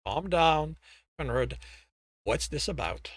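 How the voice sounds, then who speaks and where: A man voicing a calm male lion bartender who talks in a teasing, level way. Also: fairly high pitch, slow, no echo, full character voice.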